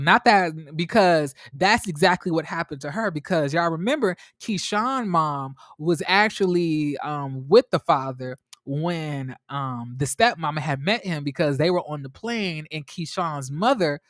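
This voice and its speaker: A man reviewing a TV episode for his viewers in a chatty, animated way, talking straight to them and often restarting his sentences. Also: on the high side, normal speed, few pauses, no echo, clean studio sound. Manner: restarts and trails off a lot. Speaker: TV show reviewer. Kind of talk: casual episode recap to viewers.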